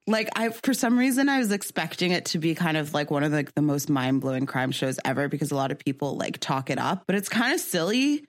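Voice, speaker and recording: A woman's voice: low voice, animated, a little fast, few pauses, dry recording, clean studio sound. A young woman co-hosting a podcast, chatting casually about shows with lots of fillers and restarts. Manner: rambling, many fillers and restarts. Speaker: podcast co-host. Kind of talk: casual chat.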